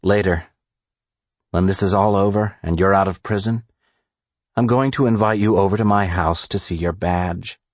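A man's voice: deep voice, normal speed, dry recording. A male audiobook narrator voicing a tense, cornered federal agent who speaks in a defiant, clipped way.

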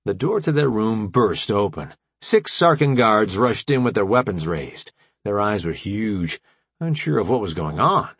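A man reading an action novel aloud with steady, dramatic storytelling. His voice is low and husky, with lively swings in pitch. The recording is close and dry. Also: unhurried, no echo. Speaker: audiobook narrator. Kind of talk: scripted audiobook narration.

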